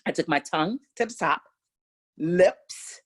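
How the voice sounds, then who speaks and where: A middle-aged woman with an American accent teaching a casual voice lesson, animated and coaxing, chatting straight to her students. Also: deep voice, moderate pace, husky. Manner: animated, coaxing, demonstrates exercises aloud. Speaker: vocal coach.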